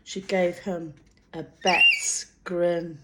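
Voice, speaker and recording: A woman reading a fantasy novel aloud in a slow, measured, gentle voice. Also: fairly low pitch, huge pitch swings, heavy background noise. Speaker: reader. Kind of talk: audiobook narration.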